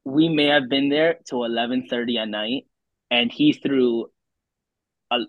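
A man's voice: medium pitch, fairly even intonation, a little slow, dry recording, phone-quality sound. A young man, a teammate, chiming in casually, laid-back and laughing, calling his friend bro. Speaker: teammate, former catcher for the guest. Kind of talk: casual interview chat.

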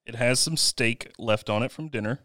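A man's voice: mid-range voice, moderate pace, sharp tone, dry recording. A man co-hosting a podcast, chatting casually with a dry, teasing manner. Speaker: podcast co-host. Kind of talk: casual chat.

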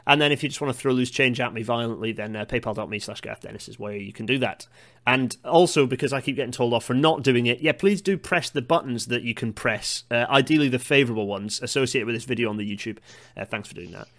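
A man's voice: medium pitch, fast, a bit bright. A man hosting a podcast in casual chat, rambling and digressive, with a self-deprecating manner. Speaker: podcast host.

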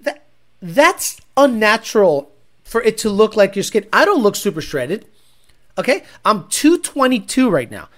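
A man hosting a livestream and reading chat, talking bluntly and profanely, often bursting into loud shouts. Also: high-pitched, sing-song, measured pace. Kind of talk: casual ranting chat.

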